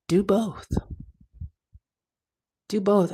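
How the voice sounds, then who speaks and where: A woman chatting casually on a livestream, animated, with quick asides. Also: on the low side. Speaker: livestream host. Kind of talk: casual live chat.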